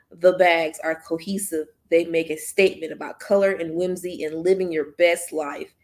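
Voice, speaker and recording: A woman hosting a book club channel, reading a novel aloud in first person and breaking off for chatty asides to viewers. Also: fairly low pitch. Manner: chatty, slips and restarts, speaks to viewers as y'all.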